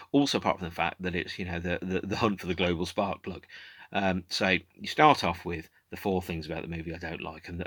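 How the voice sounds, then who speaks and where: A man's voice: sits low, a bit bright, slightly rough, no room sound. A man hosting his own podcast, talking alone in a rambling, opinionated way with many false starts. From United Kingdom. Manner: rambling, opinionated, frequent restarts. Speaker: podcast host. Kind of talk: casual solo monologue.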